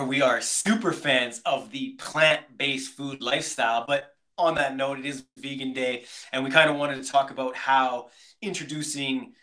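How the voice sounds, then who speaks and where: A podcast co-host talks straight to his listeners in a casual show, upbeat and enthusiastic, calling them "beautiful people." His voice is medium in pitch, bright, and forceful.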